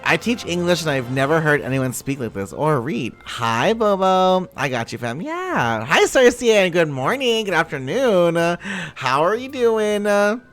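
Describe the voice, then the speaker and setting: A man's voice: a little high, lively intonation, moderate pace, few pauses, a bit bright, soft background music. A man streaming a game live, chatting casually with viewers, greeting them and swearing freely.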